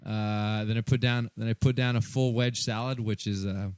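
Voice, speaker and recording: A man's voice: fairly low pitch, steady tone, normal speed, darkish tone, clean tone, no echo. A man co-hosting a podcast, rambling through crude, self-mocking anecdotes in casual chat. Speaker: podcast co-host.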